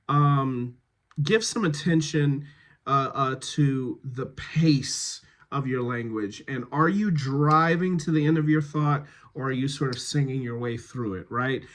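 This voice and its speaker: A man giving dialect and voice notes to a cast of actors, speaking slowly with many pauses and fillers. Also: on the high side. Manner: slow, halting, many fillers. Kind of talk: recorded rehearsal notes.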